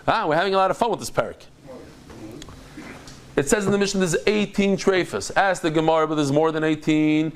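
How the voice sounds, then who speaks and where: Animated man teaching Talmud with flair. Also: a little fast, clean tone. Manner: lively, acts out dialogue with big pitch jumps.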